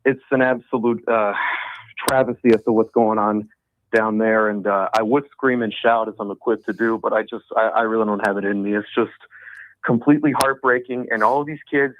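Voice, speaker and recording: A man's voice: lowish voice, fairly even intonation, fairly quick, a little hiss or hum. A man calling into a radio show and ranting angrily about politics. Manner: angry ranting, insulting. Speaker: caller. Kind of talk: call-in rant. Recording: dull phone-in line.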